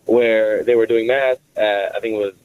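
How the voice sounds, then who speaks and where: A man's voice: fairly low pitch, steady tone, normal speed, clear, resonant tone. A man from Michigan calling in to a radio show and telling his story in a hesitant, rambling way. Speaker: radio caller. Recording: dull phone line.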